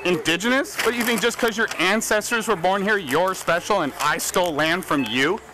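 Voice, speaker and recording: A man, a street preacher, in a loud, combative, defensive argument in a store. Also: sits high, moderate pace, noisy background.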